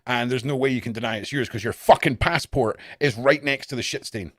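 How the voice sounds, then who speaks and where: A young man chatting casually and profanely on a live stream, jumping between loud outbursts and low mutters. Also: brisk, dry recording, clean studio sound. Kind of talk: casual rambling stream chat.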